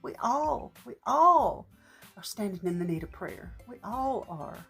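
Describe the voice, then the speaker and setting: A middle-aged woman, talking earnestly to her vlog audience in a gentle, shaky, emotional voice. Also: fairly high pitch, sing-song, measured pace, vocal fry, faint music behind. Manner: gentle and earnest, with faith talk and small restarts. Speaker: vlogger. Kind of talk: heartfelt personal vlog talk.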